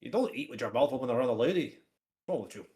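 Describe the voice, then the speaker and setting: A man, playing a blunt, gruff adventurer who curses and scolds his companions in a tabletop game. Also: mid-range voice, animated, racing, darkish tone, natural voice. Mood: scolding. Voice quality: blunt, cursing.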